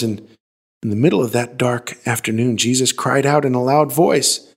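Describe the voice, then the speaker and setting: Speaking at normal speed with a breathy edge, a medium-pitched male pastor turns a Bible story into a dramatic sermon. He alternates quiet, hushed passages with emphatic delivery.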